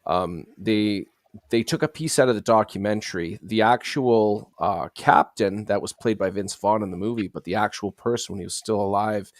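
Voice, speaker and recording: Interview guest, middle-aged man, lower register, dry recording, rambling and filler-heavy. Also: normal speed, no room sound. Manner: rambling, many fillers and restarts. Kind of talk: conversational interview answers.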